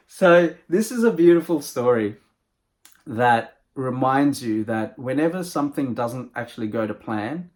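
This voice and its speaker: A man, a motivational speaker, telling a moral fable with a lively delivery. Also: mid-range voice, moderate pace. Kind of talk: storytelling with a moral.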